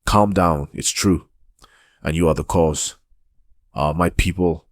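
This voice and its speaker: Man reads a blunt governor, very deep, dry. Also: takes it slowly, dry recording.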